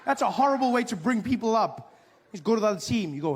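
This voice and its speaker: A man performing stand-up comedy on stage, telling a story in an animated way and acting out other people's voices. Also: high voice, fast, a little hiss or hum. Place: on stage before a live audience.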